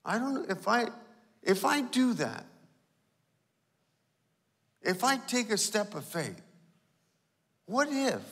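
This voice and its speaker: A man with a notably high voice preaches slowly and deliberately, ringing through a church sanctuary with long reverb. He tells stories like a performer, acting out little scenes, then drops to a hushed, pleading tone. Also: sing-song, slightly rough. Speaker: guest pastor. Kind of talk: sermon.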